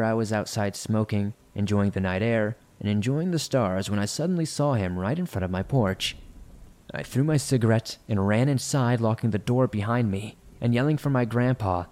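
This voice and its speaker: A man reading listener-submitted horror stories aloud in a measured, somber narration. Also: lowish voice, darkish tone.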